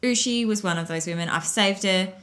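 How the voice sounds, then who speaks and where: A young woman co-hosting a casual podcast, telling a story in a chatty, animated way and laughing often. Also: mid-range voice, brisk.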